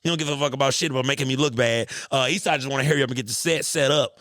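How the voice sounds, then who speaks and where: A man in his thirties hosting a podcast, telling stories in an animated, profane, bantering way. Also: mid-range voice, racing, no echo, studio quality. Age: 30s. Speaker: podcast host. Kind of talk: casual podcast chat.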